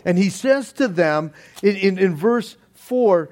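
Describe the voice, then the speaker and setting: A man preaching a sermon in a deliberate manner, with soft laughs between points. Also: high voice, expressive. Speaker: pastor.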